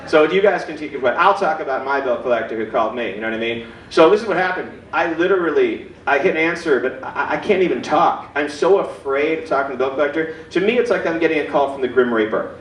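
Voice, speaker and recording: A man's voice: a little high, expressive, fast talker, few pauses, roomy sound, far from the mic, slight background noise, rough recording. A man in his forties doing a stand-up comedy set, self-deprecating and acting out other people's voices. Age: 40s. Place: comedy club stage. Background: audience laughter.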